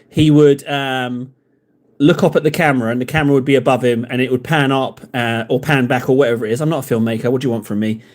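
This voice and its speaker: A man chatting casually and rambling in jokes to his viewers while he paints models on a live stream. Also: medium pitch. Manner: rambling, jokey, talks to viewers in chat.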